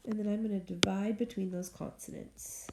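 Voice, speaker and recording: A woman teacher leading a recorded phonics lesson for young students, speaking slowly and clearly and cheering them on as she sounds out words. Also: medium pitch, steady tone. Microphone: tablet screen recording. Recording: echoey room with faint noise.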